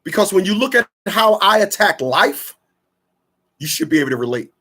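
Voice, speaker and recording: A man's voice: high-pitched, big pitch swings, normal speed, sharp tone. A man from Newark, hosting a radio talk show in a blunt, rambling, preachy monologue full of slang. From Newark, New Jersey.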